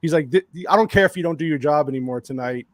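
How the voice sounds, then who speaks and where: A man guesting on a podcast, telling an excited, rambling anecdote with lots of restarts. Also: a little high, quick pace. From lives in Arizona. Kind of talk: casual storytelling on a podcast.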